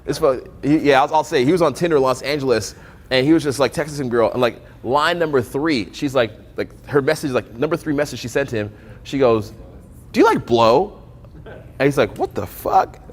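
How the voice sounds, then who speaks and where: A man's voice: medium pitch, fairly quick, in a large hall. A young man coaching on dating in a casual, profane storytelling style, acting out both sides of conversations.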